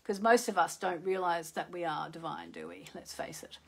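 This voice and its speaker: A woman's voice: fairly low pitch, normal speed, creaky, husky. A middle-aged Australian woman, an astrologer chatting casually and rambling with many fillers on a live stream. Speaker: astrologer hosting a live show.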